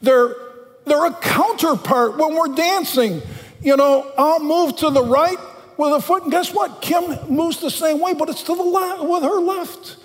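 Guy pastor with a high voice, talky sermon, long echo in a big church. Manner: conversational preaching, slows for scripture reading.

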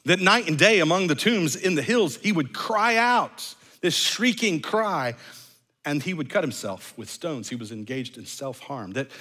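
A man preaching a sermon in an earnest way, rising to loud emphasis and dropping to hushed low phrases, often repeating words as he thinks aloud. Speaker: pastor.

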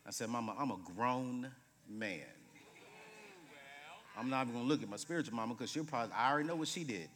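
A man in his late thirties, a guest preacher telling humorous stories in a sermon, moving between loud bursts and hushed moments. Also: medium pitch, very fast, hardly any pauses, slight background noise. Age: 30s. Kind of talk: sermon with storytelling. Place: church sanctuary. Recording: reverberant church hall.

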